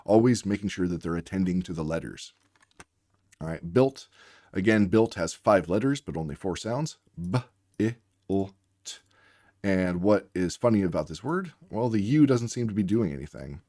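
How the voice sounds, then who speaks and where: A man's voice: low voice, expressive, normal speed, warm tone, no room sound, studio quality. A man working as a reading tutor, giving a patient lesson and sounding out words letter by letter. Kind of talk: instructional explainer lesson.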